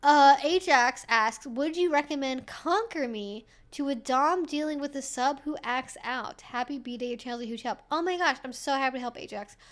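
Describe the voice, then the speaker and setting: A woman's voice: sits high, moderate pace, hardly any pauses. A woman hosting a live stream, answering viewer questions in a casual, chatty way. She swears freely, fills her talk with "like", and laughs often between remarks.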